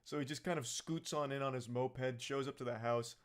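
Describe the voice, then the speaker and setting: A man's voice: medium pitch, a little fast. A man giving a casual, comedic movie recap, rambling and sarcastic, with plenty of swearing.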